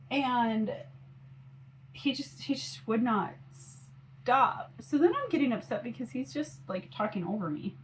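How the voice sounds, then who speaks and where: A woman's voice: fairly high pitch, animated, unhurried, a little hiss or hum, low-quality recording. A woman in her forties chatting casually on her phone camera while doing her makeup, rambling with lots of fillers. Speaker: mom vlogger.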